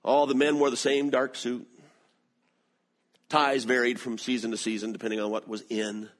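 A middle-aged man from the American South with a Southern accent, preaching a sermon with animated storytelling. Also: moderate pace. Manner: animated storytelling with lively swings in pitch. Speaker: pastor.

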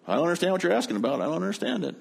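A man preaching, voicing a panicked man frantically denying an accusation in rushed, flustered words. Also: sits high, big pitch swings, gravelly, breathy edge, voice pushed up, exaggerated voice. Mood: flustered denial.

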